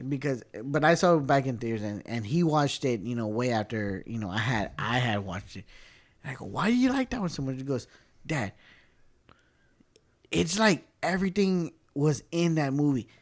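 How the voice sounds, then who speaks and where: A man in his thirties co-hosting a casual podcast, excitable and laughing often, repeating words and swearing as he tells stories. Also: medium pitch, moderate pace. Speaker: podcast co-host. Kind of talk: casual chat.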